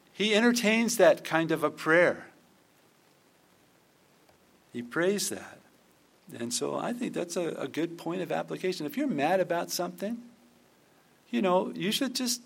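A man's voice: high-pitched, gravelly, breathy edge. A middle-aged man preaching a conversational sermon, often acting out quoted prayers. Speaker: pastor.

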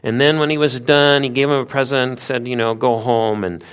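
A man preaching a sermon, retelling a Bible story with lively asides and rhetorical questions. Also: mid-range voice, fast, clear, resonant tone.

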